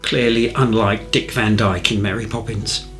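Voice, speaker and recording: A man's voice: fairly low pitch, fairly even intonation, normal speed, fairly bright tone, soft background music. A man with a Southern English accent who narrates a painting tutorial in a friendly, rambling way. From North Kent, England. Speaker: art instructor. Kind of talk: chatty painting tutorial voice-over.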